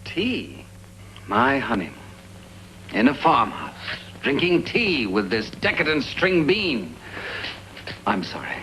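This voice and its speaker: An exasperated newlywed farmer in a 1950s comedy film. His voice is mid-pitched and very lively in its rise and fall, and the delivery is polished and theatrical, with an old movie soundtrack feel. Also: slow, long pauses, a little hiss or hum, exaggerated voice, low-quality recording. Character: exasperated American newlywed farmer, talking to camera.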